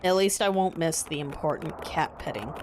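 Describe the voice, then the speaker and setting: A woman's voice: low voice, animated, moderate pace, noisy background. A woman streaming a video game, commenting in a playful, casual way and swearing freely.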